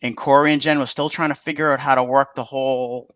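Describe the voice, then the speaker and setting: A man's voice: medium pitch, fast talker, no echo. A man, a podcast guest, telling a story in a casual interview and acting out the dialogue with lots of restarts. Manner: animated, acts out quoted dialogue with many restarts.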